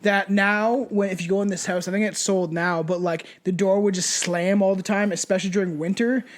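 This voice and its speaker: A man's voice: high-pitched, fairly even intonation, fairly quick. A man co-hosting a podcast in casual, profane chat, laughing as he tells stories over drinks. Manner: loose, profane, laughing storyteller. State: drinking shots. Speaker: podcast co-host.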